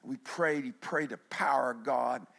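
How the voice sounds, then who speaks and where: A middle-aged man preaching a sermon, animated, swinging between loud emphasis and hushed passages. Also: medium pitch, a little slow, gravelly. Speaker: pastor.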